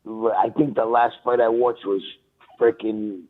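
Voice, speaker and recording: A retired boxer calls in as a guest, talking in a slow, unhurried way with a blunt, laughing manner. His voice sits in a middle range for a man and comes through a thin, tinny phone line. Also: lowish voice, flat delivery. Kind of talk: casual interview chat. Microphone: phone call.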